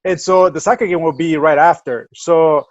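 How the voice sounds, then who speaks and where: A man's voice: fairly high pitch, fairly even intonation, moderate pace, no echo, dull audio. A man co-hosting a casual remote podcast, telling a rambling story full of fillers and restarts. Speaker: podcast co-host. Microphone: remote call mic.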